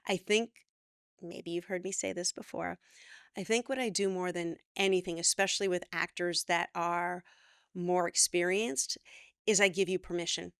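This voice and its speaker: A middle-aged woman acting coach giving energetic, emphatic advice straight to camera, her voice leaping up when she acts out what actors say. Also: moderate pace, clean tone, no echo, clean studio sound. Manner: energetic, emphatic, animated with pitch jumps when quoting.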